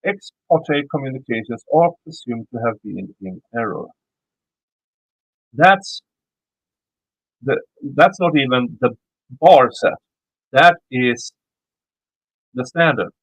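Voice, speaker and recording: A man's voice: mid-range voice, lively intonation, takes it slowly, pauses often, dry recording, poor audio. A man with a Swedish accent reading a legal motion aloud and commenting on it, often stumbling and repeating words as he reads. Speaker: YouTube commentator.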